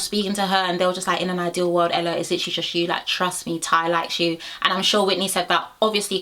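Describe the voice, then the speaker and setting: A young woman talks casually and bluntly to her viewers, reviewing a reality show episode. Her voice is bright and forceful, sitting in a middle register for a woman. She chats in a direct, conversational way. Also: medium pitch. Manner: chatty, frank, addresses viewers directly. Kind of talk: casual reaction chat.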